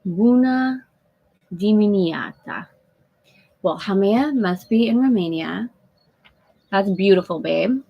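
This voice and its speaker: A woman's voice: medium pitch, animated, measured pace, creaky, lo-fi sound. A woman hosting a casual live-stream chat from a sailboat at anchor, talking effusively, laughing often and greeting viewers by name. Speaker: host of a live spiritual women's group call.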